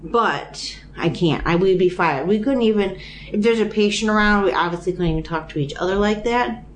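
A woman's voice: mid-range voice, normal speed, slight background noise. A woman co-hosting a podcast, frank and dry, often backing up the others. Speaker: podcast co-host. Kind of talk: casual podcast chat.

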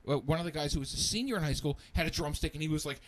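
A man in casual podcast chat, telling crude stories with lots of swearing and squeaky voices for the people in them. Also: racing, a little hiss or hum. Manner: animated, crude storytelling with squeaky character voices.

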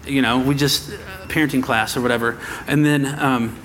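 Speaking briskly in a mid-range voice, a pastor addresses his congregation in a church sanctuary over slight background noise. He recounts a personal story with animated storytelling, acting out the voices of its characters.

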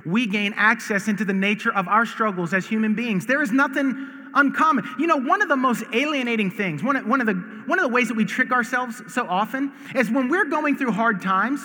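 A man from the United States preaching a sermon as pastor, earnest and emphatic, often repeating words and rising to shouts. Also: extremely high pitch, fairly quick. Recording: long reverb of a large hall.

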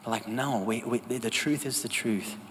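A man preaches to his congregation. His voice is bright and forceful, and he keeps the tone conversational while calling for responses. The sound carries the long reverb of a church hall, with a faint hum of ambience underneath. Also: medium pitch, fairly even intonation, normal speed. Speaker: pastor. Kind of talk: sermon. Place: church sanctuary.

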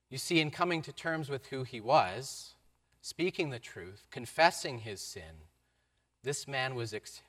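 A man preaching a sermon, telling a story and acting out the voices in it, moving between loud outbursts and quiet lines. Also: medium pitch. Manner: acts out quoted voices, swings from loud to soft. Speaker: pastor.

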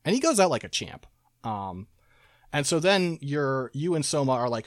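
A man in casual chat, recapping a game's story with lots of fillers, laughs and quick quoted asides. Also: mid-range voice, lively intonation, no echo, clean studio sound. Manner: rambling, laughing, quoting characters in quick asides. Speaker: podcast co-host recapping a game.

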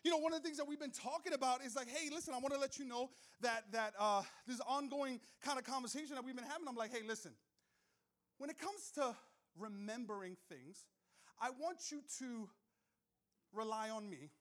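A male pastor preaching a sermon, telling funny stories and joking with the crowd, moving from soft asides to loud shouts. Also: very high voice, a little fast. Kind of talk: sermon with humorous storytelling. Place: church hall with live audience.

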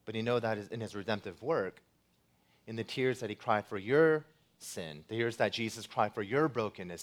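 A man preaching a sermon as pastor, earnest and building to loud, emphatic passages. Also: fairly low pitch, moderate pace.

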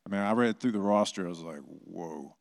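Man, middle-aged pastor, relaxed storytelling sermon, lowish voice, in a church. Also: rapid-fire. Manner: conversational, storytelling, animated bursts. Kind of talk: sermon with personal stories.

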